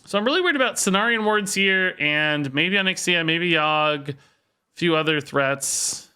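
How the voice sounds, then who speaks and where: A game streamer comments live on his gameplay, thinking aloud, critiquing his own moves and repeating himself. He's sore and tired from sport, and his voice is a little high, bright, pushed and smooth, with lively intonation at normal speed.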